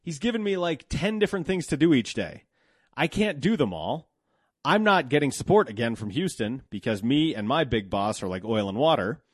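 A man's voice: medium pitch, big pitch swings, moderate pace, breathy edge, no room sound, clean studio sound. A man in his thirties telling a candid personal story about work, blunt and profane, growing heated when indignant.

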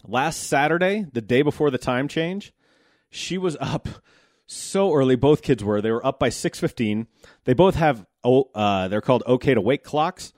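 A man's voice: medium pitch, no echo, clean studio sound. A man in his thirties from the United States, a podcast host talking casually about his day in a loose, wry, profane way. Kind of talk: casual monologue.

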